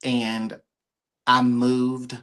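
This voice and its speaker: A woman's voice: very deep voice, flat delivery, extremely slow, a bit bright. A woman in her thirties from Tennessee, a pageant guest on a video call, bubbly and emotional, laughing often. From Tennessee, USA. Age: 30s. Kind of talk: interview conversation.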